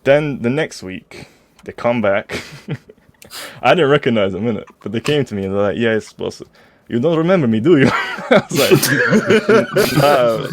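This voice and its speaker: A man's voice: medium pitch, sing-song, measured pace, dry recording. A young man telling a story on a group video call, laid-back and laughing, using street slang. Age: young adult. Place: hot room with windows open.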